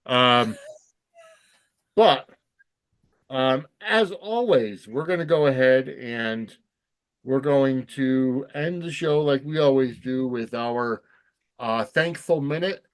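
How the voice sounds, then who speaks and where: A man co-hosting a casual chat podcast, talking in a halting way with many "um" fillers. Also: mid-range voice, lively intonation. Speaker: podcast co-host.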